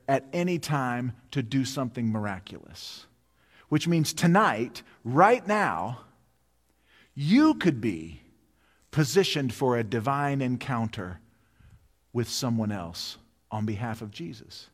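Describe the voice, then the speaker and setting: A man's voice: medium pitch, very animated, a little slow. A pastor in his fifties preaches in a sanctuary, his mid-range voice carried on a long, ringing reverb. He tells a vivid personal story, then drives toward his point with emphatic, repeated appeals. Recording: long reverb of a large hall.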